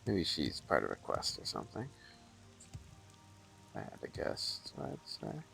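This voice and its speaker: Gravelly-voiced man streaming a game. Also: lowish voice, wildly swooping pitch, measured pace, a bit bright, soft background music, rough recording. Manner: playful, muttering reactions to the game. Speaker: streamer playing a video game. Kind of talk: casual live gameplay commentary.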